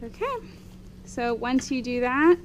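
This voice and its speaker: Brief: female instructor, slightly high voice, explains lab steps, faint hum behind. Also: lively intonation, unhurried. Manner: explanatory, often checks in with "okay?". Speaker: dental instructor. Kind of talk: hands-on lab demonstration.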